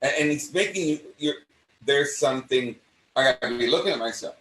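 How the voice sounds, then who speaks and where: A man's voice: mid-range voice, a little fast. Older man with a mid-Atlantic accent. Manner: animated, repeats and restarts phrases. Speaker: acting coach hosting a show. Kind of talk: casual conversation. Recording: roomy sound from a distant mic.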